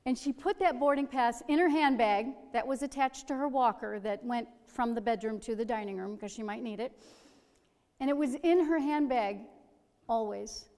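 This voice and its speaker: A middle-aged woman telling a personal story with gentle humor. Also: on the high side, moderate pace. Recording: long hall reverb.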